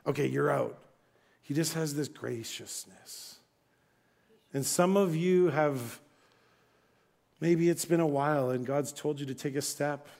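A middle-aged man preaching a sermon, telling a story with lively acted-out dialogue and frequent restarts. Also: a little high, unhurried, pauses often. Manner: animated, acts out dialogue, many restarts. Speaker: pastor.

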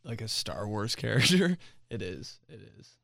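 A gravelly, lowish male voice at a moderate pace comes through a dry, clean studio recording. As podcast host, he reads listener submissions in a jokey, animated way, laughing often.

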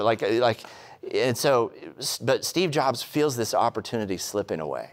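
A man preaching a sermon, telling stories with quick humorous asides and rhetorical questions. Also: mid-range voice. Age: adult, past college. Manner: animated storytelling with asides. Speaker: pastor.

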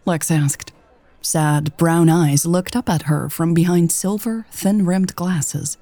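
A woman narrating a romance story in a calm, even audiobook style. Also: low-pitched, measured pace, creaky, dry recording.

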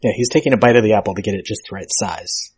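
A man's voice: on the low side, racing, breathy edge. A man hosting a casual podcast chat, often quoting film lines in a put-on voice. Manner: quotes lines in a creepy put-on voice. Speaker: podcast host.

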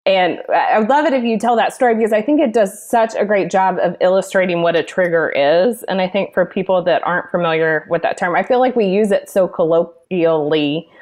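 A woman who hosts a podcast, speaking a little low for her sex. She asks questions in a relaxed, meandering way, with plenty of filler. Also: a little fast, hardly any pauses. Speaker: podcast host. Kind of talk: conversational interview questions.

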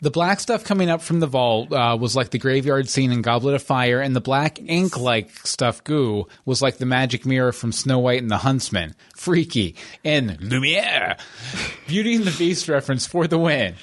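A man co-hosting a podcast, chatting casually and enthusiastically about TV episodes with quick asides. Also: medium pitch, lively intonation. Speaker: podcast co-host. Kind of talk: casual chat reviewing TV episodes.

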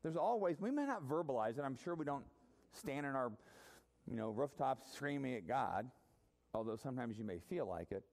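A man preaching a sermon into a microphone, conversational and animated, with asides to the congregation. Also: medium pitch, moderate pace. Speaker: pastor.

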